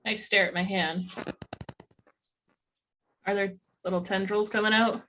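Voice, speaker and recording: A woman's voice: mid-range voice, fairly even intonation, measured pace, fairly bright tone. A woman playing a tabletop role-playing game, talking earnestly through her character's actions and laughing often. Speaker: player.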